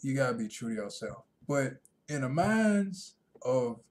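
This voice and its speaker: A man ranting in a casual vlog monologue, rambling and repeating himself, growing loud and animated when he retells conversations. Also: medium pitch, measured pace. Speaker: vlogger.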